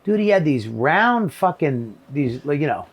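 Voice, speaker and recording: A man's voice: a little high, sing-song, unhurried, breathy edge. A male comedian in casual chat, talking emphatically and swearing freely. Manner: emphatic, profane. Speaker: comedian co-host. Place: small shed.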